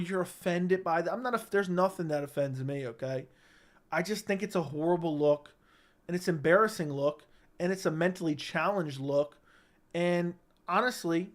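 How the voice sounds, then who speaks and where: A man with a fairly high voice hosts a livestream and delivers hot, blunt commentary about the fight world. He circles back to the same phrases again and again, his talk sounding close and direct through a studio microphone. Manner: blunt, heated ranting with repeated phrases. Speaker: MMA commentary channel host. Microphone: studio broadcast mic.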